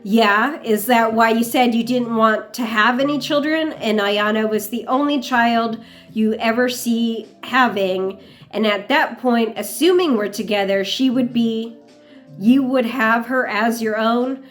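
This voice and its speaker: A woman's voice: on the high side, unhurried, soft background music, close to an everyday voice. A woman voicing an indignant young woman who presses her lover with pointed, sarcastic questions. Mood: accusing.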